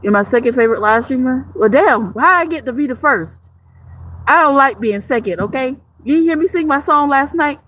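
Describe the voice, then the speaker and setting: High-voiced and animated, a woman talks a little fast with a fairly bright tone as she chats with livestream viewers and reads their comments. Her talk is joking, freely profane, and rambling, with many restarts.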